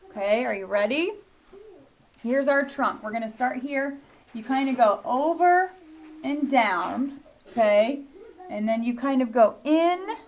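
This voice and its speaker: A woman teaching young children in a video lesson, patient and often checking in with "okay?" and "right?". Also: a little high.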